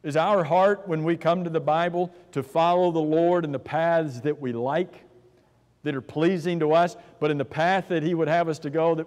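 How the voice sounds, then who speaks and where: This preacher's voice sits a little high and a little mellow, with fairly even intonation and a moderate pace. Speaking earnestly in a reverberant church sanctuary, he poses rhetorical questions and tends to repeat words when starting a thought.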